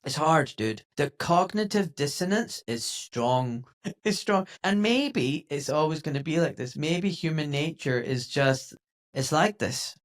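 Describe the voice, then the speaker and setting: A man's voice: a little high, measured pace. Emphatic male podcast host. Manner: emphatic, animated when mimicking others. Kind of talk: casual conversational podcast talk.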